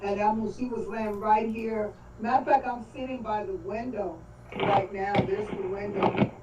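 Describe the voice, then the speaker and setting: An older woman speaking on a video call about her family, halting and faith-filled, often breaking off mid-phrase. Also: medium pitch, fairly even intonation. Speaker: grieving great-grandmother speaking at a livestream. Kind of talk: emotional testimony on a video call. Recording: echoey, distant, dull call audio with faint noise.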